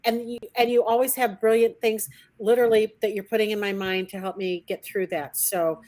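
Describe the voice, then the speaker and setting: A woman's voice: mid-range voice, level tone, brisk, darkish tone. A woman hosting a casual podcast interview, friendly and conversational, often checking in with "right?". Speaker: podcast host.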